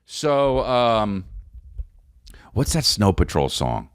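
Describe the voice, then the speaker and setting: A man's voice: on the low side, big pitch swings, drawn-out words, clear, resonant tone, no room sound, clean studio sound. A man in his forties hosting a casual comedy podcast, rambling and joking and now and then breaking into off-key singing. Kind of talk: casual solo podcast chat.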